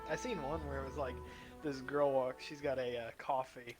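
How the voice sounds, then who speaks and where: A man in casual stream chat telling an animated, swear-filled anecdote. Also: mid-range voice, moderate pace. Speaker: streamer's friend. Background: game music.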